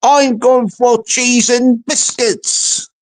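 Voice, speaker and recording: A man voicing a sly middle-aged male dating troll with a Scottish accent, slow and matter-of-fact. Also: very high voice, steady tone, full character voice. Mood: plain.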